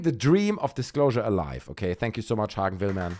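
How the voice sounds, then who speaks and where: A man hosting a casual live stream, excitedly thanking viewers for their donations. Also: fairly low pitch, fairly quick, background noise. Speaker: livestream host.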